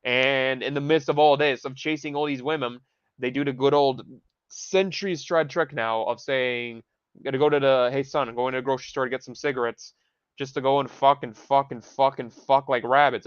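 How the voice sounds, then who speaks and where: Clear and resonant in the mid range, this young man hosts a livestream with no room sound, recorded on a dull lo-fi home mic. His heated rant is thick with profanity and rambling restarts, with Spanish phrases mixed in.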